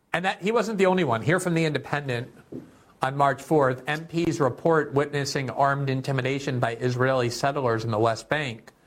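A male political commentator with a mid-range voice works through news clips and quotes with strong opinions, reading statements aloud before cutting in with sarcastic, indignant asides.

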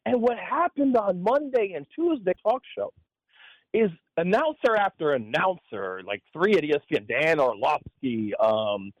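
Male radio analyst, lively pitch, opinionated, dry slightly dull studio sound. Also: measured pace, dry recording. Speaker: radio co-host and sports analyst. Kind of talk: sports and politics talk radio.

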